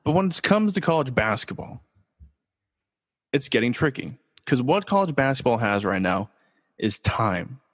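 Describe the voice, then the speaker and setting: A man's voice: mid-range voice, big pitch swings, normal speed, big-room sound. A man from Los Angeles hosting his own sports talk show, casual and joking, asking himself rhetorical questions. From Los Angeles, USA. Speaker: podcast host.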